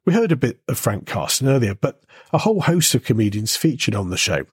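Very husky-voiced male narrator. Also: medium pitch, very animated. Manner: measured, storytelling delivery with rhetorical questions. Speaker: host and narrator. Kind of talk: scripted narration.

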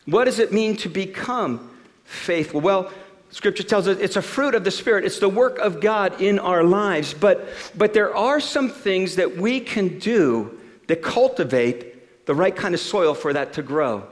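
A man giving a sermon, reading a rhyming story aloud in a rhythmic, expressive way before turning to scripture. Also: high-pitched, a little slow, long reverb tail. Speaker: pastor.

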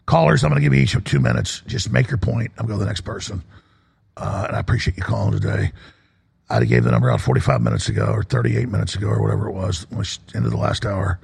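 A man hosting a talk radio show, delivering an intense rant that swings from a low growl to high shouting. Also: huge pitch swings, quick pace. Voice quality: gravelly, husky. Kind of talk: ranting talk radio monologue.

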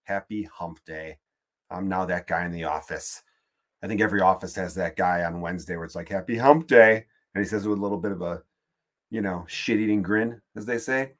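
A man's voice: low-pitched, steady tone, brisk. A man hosting his own podcast, rambling through a casual comedic monologue and swearing freely. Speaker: podcast host.

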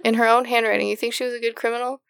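A fairly high-voiced woman co-hosts a casual crime podcast, laying out the case and pressing her argument with insistence. Her voice is close and dry, with no room sound. She swears casually as she talks. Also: level tone, racing, vocal fry, clear, resonant tone, no room sound. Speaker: podcast co-host narrating the case.

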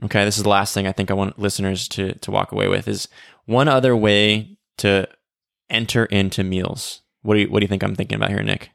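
A man's voice: fairly low pitch, flat delivery, a little fast, creaky, fairly bright tone, dry recording, clean studio sound. A man co-hosting a podcast in a casual conversational way, often asking "right?" and trailing into "like". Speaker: podcast co-host. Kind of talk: casual faith discussion.

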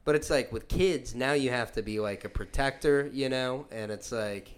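A man's voice: medium pitch, normal speed. A man co-hosting a podcast, hesitantly recounting a trip in casual chat. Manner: hesitant, full of fillers and restarts. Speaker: podcast co-host.

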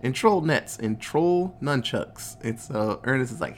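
A man's voice: medium pitch, expressive, a little slow. A man casually recapping a movie, laid-back and swearing a lot, acting out the characters' lines in goofy voices. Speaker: podcast host recapping a movie.

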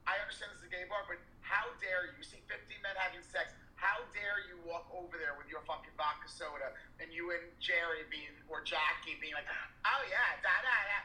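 A man with a very bright, forceful voice and a slightly raised pitch co-hosts a candid chat. He rambles and restarts, landing points with blunt emphasis. The sound is echoey, as if taken in an open room. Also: little pitch movement, a little fast, few pauses, a little hiss or hum. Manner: rambling, emphatic and profane, with many restarts and fillers. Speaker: podcast co-host.

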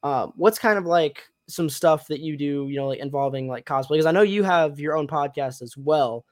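A man's voice: fairly high pitch, moderate pace. A young man hosting a casual chat, rambling and upbeat with many fillers. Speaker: podcast host and cosplayer.

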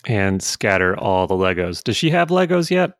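A man with a fairly low voice chats casually on a livestream and slips in dry, teasing jokes. The recording is close and dry, with no room sound. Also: sing-song, normal speed, dry recording. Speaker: streamer, co-host.

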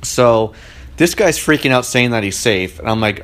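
A man's voice: mid-range voice, animated, normal speed, fairly bright tone. Indignant chatty man. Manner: chatty, indignant, frequent "like" fillers. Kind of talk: casual storytelling monologue. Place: living room at home.

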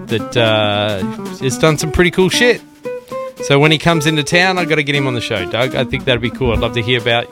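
A man hosting a podcast in a rambling, joking, profane casual monologue. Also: fairly high pitch. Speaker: podcast host. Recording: music bed behind the voice.

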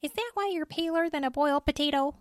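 A woman's voice: high voice, fast talker, no echo, studio quality, pitched above the performer's own voice, lightly acted. A woman voicing a practical female forest ranger who talks in a wry, matter-of-fact way. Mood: scolding.

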